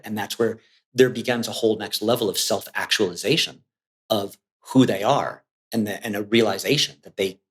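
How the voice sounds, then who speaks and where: Male podcast guest, relaxed and animated, slips into other voices when quoting. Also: on the low side. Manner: animated, acts out clients' voices. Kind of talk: casual conversation.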